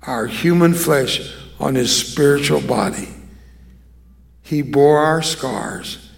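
A man's voice: a little high, slow pace, vocal fry. Older male evangelist preaching emphatically. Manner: emphatic call-and-response preaching. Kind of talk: sermon.

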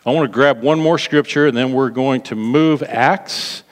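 A man preaching a sermon to a congregation, animated, repeating words for emphasis and prompting them to respond. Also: medium pitch, moderate pace, some chatter behind. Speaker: pastor. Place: large hall. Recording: long reverb of a large hall.

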